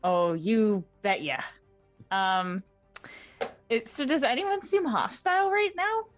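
A woman's voice: fairly high pitch, lively intonation, slow, soft background music. A woman playing a tabletop game, flustered and apologetic, filling her turn with ums. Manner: flustered, apologetic, many fillers. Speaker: player.

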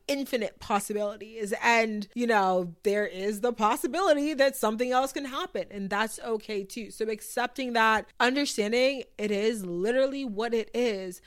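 Chatty upbeat woman hosting a podcast. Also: mid-range voice. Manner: chatty and upbeat, fond of filler "like"; encouraging, addresses listeners directly. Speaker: podcast host. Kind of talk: casual podcast monologue.

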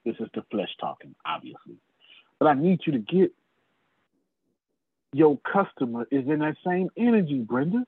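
A man, preaching sales with a husky voice and pitch that swings wildly up and down. He talks straight to his listeners by name and curses freely. The sound is a tinny, phone-like, dry video call. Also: big pitch swings, measured pace, pauses often, no echo. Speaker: sales trainer. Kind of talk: animated preacher-like teaching.

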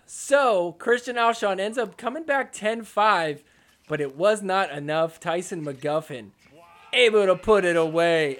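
Sarcastic man with a high voice. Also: a bit bright. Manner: sarcastic, jokey, voices players' imagined thoughts. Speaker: podcast host. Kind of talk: casual sports recap commentary.

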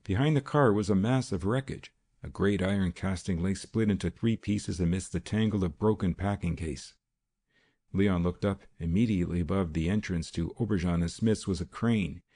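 Deep gravelly male narrator. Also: dark tone. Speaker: audiobook narrator. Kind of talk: scripted narration.

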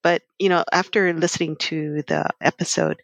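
High excitable podcast dude, gravelly edge, dry close mic. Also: male voice, normal speed, dry recording, highs cut off. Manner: excitable, animated, laughs. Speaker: podcast co-host. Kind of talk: casual chat.

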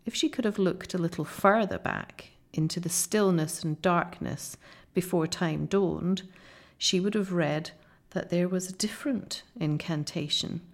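Woman doing a wise, noble lion in a storybook, measured and slow, a slightly gravelly edge. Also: fairly low pitch. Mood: solemn. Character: great solemn male lion, wise and gentle. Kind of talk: audiobook reading.

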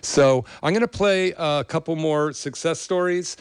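Unhurried and smooth, a middle-aged chiropractor's slightly high voice carries no room sound. He chokes up with emotion reading a patient's thank-you note aloud, then recounts the story behind it and eagerly promotes his practice.

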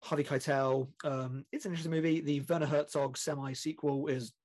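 A British man with a somewhat high-pitched voice talks casually on a film podcast. He rambles, piles on fillers and laughs as he goes. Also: level tone, brisk, darkish tone. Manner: chatty, rambling, laughs often, many fillers. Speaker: podcast co-host.

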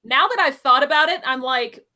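A woman's voice: high-pitched, moderate pace, pushed and bright. A woman in casual podcast chat, chatty and asking many questions. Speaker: podcast co-host.

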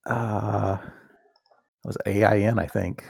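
A man's voice: fairly low pitch, fairly even intonation, takes it slowly, vocal fry, darkish tone, slightly rough. A man chatting as a tabletop game player, joking and chuckling. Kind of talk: casual chat.

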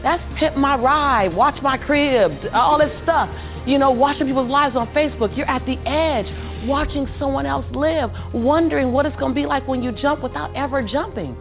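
A woman with a higher voice full of gravelly fry tells her story with lively motivational energy. She acts out the dialogue and laughs often. The sound is tinny and phone-like, with faint music underneath. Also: moderate pace. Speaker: motivational speaker and guest.

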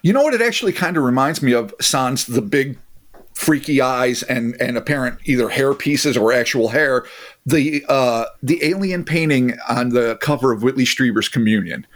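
A man's voice: mid-range voice, normal speed. A man hosting a podcast, mixing casual chat with reading a story aloud and swearing freely. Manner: animated, laughing, swears freely. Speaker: podcast host.

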